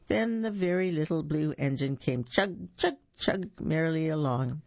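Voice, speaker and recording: Storyteller reading a picture book aloud, gravelly voice, describes the pictures, dry dull recording. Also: mid-range voice, moderate pace, few pauses, dry recording. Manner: describes the pictures and stumbles over words.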